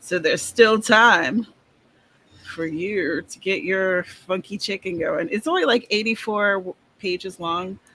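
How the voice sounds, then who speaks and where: A woman's voice: medium pitch, slow, fairly bright tone, slight background noise. Chatty woman hosting a writing stream. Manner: chatty, laughs often, reads writers' updates aloud. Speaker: host, author. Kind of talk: casual livestream chat. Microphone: video call.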